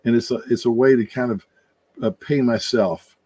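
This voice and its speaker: An older man in casual conversation, thinking out loud in a rambling way, with many restarts and fillers. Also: mid-range voice, moderate pace, husky. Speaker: podcast co-host. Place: room with his wife nearby.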